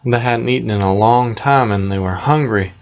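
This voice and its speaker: A man retelling a fairy tale in a plain, conversational, unhurried way, with small asides to the listener. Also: medium pitch, dull audio. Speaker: storyteller.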